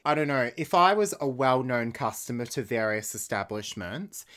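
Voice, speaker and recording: A man's voice: medium pitch, expressive, moderate pace, a bit bright. An Australian man co-hosting a radio show, bantering in a playful, self-mocking way and laughing often. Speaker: radio co-host.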